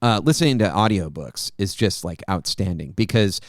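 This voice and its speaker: In a casual podcast discussion, a male co-host with a low voice and lively intonation offers earnest advice about voices for tabletop games, repeating words as he builds his point. He talks at a moderate pace, and the recording is dry with studio quality.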